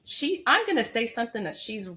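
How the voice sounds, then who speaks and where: A woman's voice: a little high, very animated, fairly quick, bright, forceful tone. A woman in her thirties, a nurse, telling her personal story as a podcast guest in a candid, heartfelt way with many fillers. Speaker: labor and delivery nurse. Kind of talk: emotional personal story in an interview.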